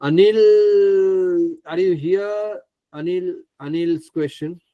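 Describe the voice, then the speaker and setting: A man presenting a live online trading class, chatty and excitable, who laughs often and stumbles over names. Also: high voice, slow, no room sound, lo-fi sound. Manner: stumbles over names, asks others to pronounce them.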